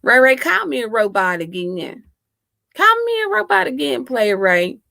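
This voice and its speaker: Woman livestream host, unhurried and gravelly, dry laptop-mic sound, teasing and laughing with viewers. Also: high-pitched, sing-song, sharp tone, no room sound. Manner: laughs often, chatty and teasing. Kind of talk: casual live chat with viewers. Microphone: laptop microphone.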